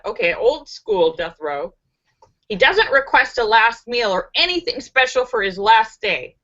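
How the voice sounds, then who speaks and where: A woman's voice: a little high, sing-song, unhurried, sharp tone, dull audio. Bubbly, giggly woman live-streaming. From United States. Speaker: vlogger hosting a live stream. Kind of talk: casual live stream chat reading jokes.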